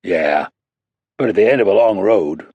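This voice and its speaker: A man's voice: low-pitched, lively intonation, normal speed, slightly rough, dry recording, dull audio. A man voicing a recovering wounded male special-ops soldier who talks in blunt, joking banter. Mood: wry.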